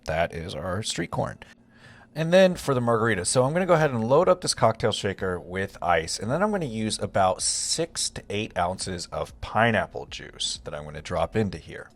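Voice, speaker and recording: A young man hosting a home cooking video, walking through each step in a relaxed, chatty way. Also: fairly low pitch, moderate pace. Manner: relaxed, step-by-step instructions with frequent "gonna go ahead". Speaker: home cook and channel host. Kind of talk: casual cooking walkthrough. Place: home kitchen.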